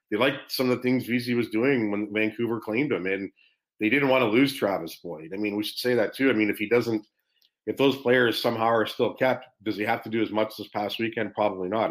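A man giving casual sports analysis on a podcast, conversational and full of fillers. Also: fairly low pitch. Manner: conversational, many "you know" fillers.

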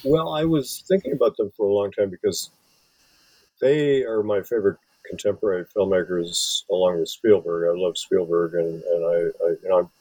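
A man's voice: low voice, fairly even intonation, moderate pace, dark tone, husky, no echo, poor audio. A man from Wisconsin, an author and film scholar, giving long rambling interview answers full of restarts. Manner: rambling, many restarts and fillers.

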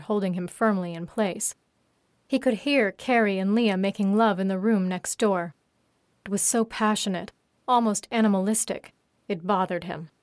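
A woman reads an audiobook in a steady, even voice. Her pitch sits in a medium range. The recording is dry and close. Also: no echo. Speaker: narrator. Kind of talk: audiobook narration.

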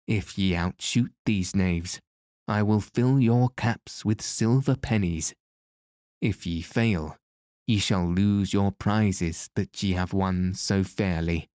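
A man's voice: on the low side, darkish tone, no room sound, studio quality. A man voicing a stern, angry king in a storybook reading, with commanding archaic speech.

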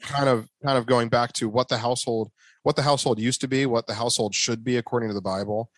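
A man's voice: medium pitch, steady tone, fast, a bit bright, no echo. Guy on a podcast, joking around and teasing, dry room sound. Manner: playful teasing banter. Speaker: podcast co-host. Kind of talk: casual chat.

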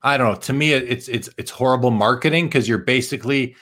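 A man's voice: medium pitch, a bit bright. Tired male host reading viewer comments. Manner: halting, many restarts, reads comments aloud. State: tired, losing his voice. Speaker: podcast host. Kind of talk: casual live-stream chat reading viewer comments.

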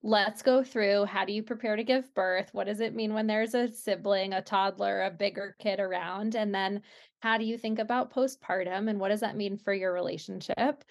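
Woman with a gravelly fry, birth educator guest, eager, asks lots of questions. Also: medium pitch, fairly even intonation, moderate pace. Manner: eager, explains by asking questions. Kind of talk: casual interview chat.

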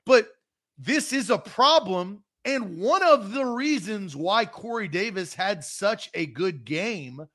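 A man's voice: high-pitched, expressive, slow pace, pushed and bright. A man co-hosting a sports talk show, emphatic and heated, repeating his points. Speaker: podcast co-host.

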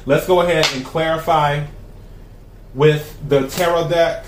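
Calm man giving a tarot reading. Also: fairly high pitch, measured pace, echoey room, noisy background. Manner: calm, repeating questions to the cards. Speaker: tarot reader.

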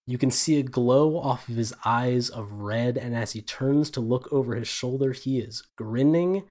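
A man's voice: mid-range voice, moderate pace, a little mellow. A man narrating as game master of a tabletop game, in vivid, descriptive storytelling with casual asides.

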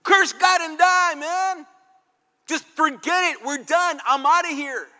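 A preacher voicing Job's bitter, despairing wife. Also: male voice, very high-pitched, slow, bright, forceful tone, voice pushed up, exaggerated voice. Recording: long reverb hall.

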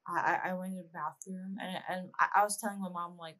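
A woman's voice: lowish voice, fairly even intonation, fast, bright, forceful tone. A young woman co-hosting a podcast, chatting casually and telling stories with lots of "like" and restarts. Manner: chatty, storytelling with frequent "like" and restarts. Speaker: podcast co-host. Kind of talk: casual chat.

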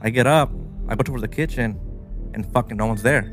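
A man co-hosting a podcast, telling a creepy story in a relaxed, rambling way with casual swearing. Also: medium pitch, fast, faint music behind. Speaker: podcast co-host.

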